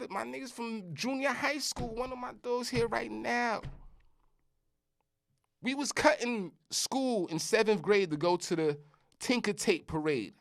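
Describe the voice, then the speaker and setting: A middle-aged man from Brooklyn with a thick New York accent holds forth on his own podcast. His pitch leaps up and down as he talks, and he punches his points with curses and "you heard?" He sounds emphatic and animated. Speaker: podcast host. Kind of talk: casual monologue.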